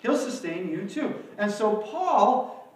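A male pastor preaching a sermon in a church, with dramatic swings between loud outbursts and hushed emphasis. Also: sits high, big pitch swings, takes it slowly, recorded from a distance. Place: church, alone without live audience. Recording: very echoey room, voice from afar.

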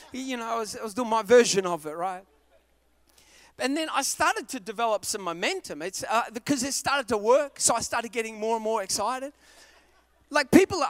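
An Australian man preaches in an animated, self-mocking storytelling style, now and then bursting into shouts as he acts out a scene. His voice sits high for a man. The sound is dry, with almost no room around it. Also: dry recording. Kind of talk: humorous sermon storytelling.

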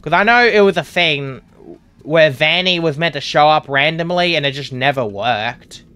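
A man's voice: a little high, moderate pace, sharp tone, clean tone, faint music behind. A man giving casual gameplay commentary, sarcastic and swearing at the game's characters. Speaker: gaming YouTuber.

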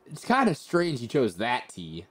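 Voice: medium pitch, huge pitch swings, a little slow, husky, exaggerated voice. A streamer voicing a brash, hot-headed female warrior who leads a royal guard, reading video game dialogue aloud. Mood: teasing. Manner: brash, loud and teasing.

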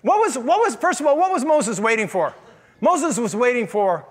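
A man's voice: very high-pitched, very animated, fairly quick. A man preaching a sermon as pastor, asking the congregation questions in a conversational way. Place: church.

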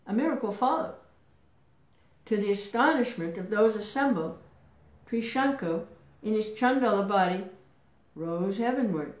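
A woman's voice: mid-range voice, expressive, a little slow, long pauses. A woman reading an epic story aloud with occasional casual asides and filler words. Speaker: reader. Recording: roomy echo.

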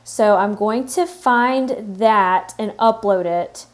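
A woman hosting a software tutorial, explaining each step in a relaxed way and thinking aloud with fillers as she works. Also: mid-range voice, takes it slowly. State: has the hiccups. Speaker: tutorial host. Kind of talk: screen-recorded software tutorial.

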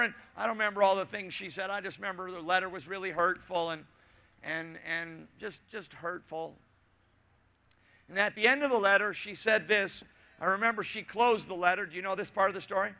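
Brisk and gravelly with a high voice, a middle-aged pastor delivers a sermon built around a personal story. He uses asides and repetition, his volume moving between loud and hushed.

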